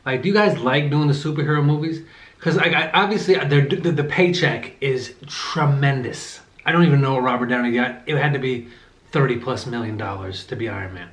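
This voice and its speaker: A man vlogs a casual movie review while eating, pausing between remarks to chew, rambling and correcting himself with lots of fillers. His medium-pitched, fairly bright voice moves fairly quickly in an echoey room.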